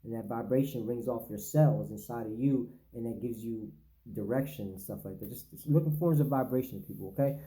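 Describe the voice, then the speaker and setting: A man with an extremely dark, mellow voice reads a text aloud in a plain, unhurried way. He keeps breaking off to talk straight to his listeners, and he often stumbles and repeats himself. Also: medium pitch, rough recording. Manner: stumbles and repeats words, addresses listeners directly. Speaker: channel host reading and commenting. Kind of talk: reading a text aloud with casual asides.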